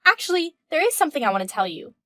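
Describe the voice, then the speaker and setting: Woman voicing a condescending young mistress, high and dry, taunting. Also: big pitch swings, rapid-fire, bright, forceful tone, no echo, exaggerated voice. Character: smug young woman student, the husband's mistress. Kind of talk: reading a text-message story.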